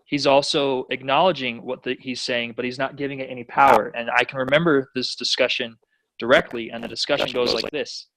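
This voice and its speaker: A man's voice: mid-range voice, level tone, brisk, fairly bright tone, no room sound, rough recording. A man leading a personal growth class, enthusiastic and encouraging, affirming what others say. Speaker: class leader.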